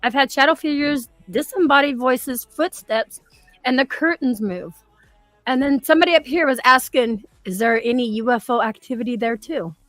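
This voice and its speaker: A woman's voice: sits high, lively intonation, moderate pace, fairly bright tone, no echo, faint music behind, low-quality recording. A woman hosting a casual live chat, reading viewer comments aloud and adding her own remarks. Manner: reads comments aloud, chatty.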